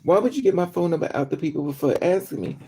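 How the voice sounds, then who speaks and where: A woman chatting on a livestream, telling a story in an animated way with sudden outbursts. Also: low voice, fast talker, slight background noise. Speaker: livestream host. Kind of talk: casual storytelling.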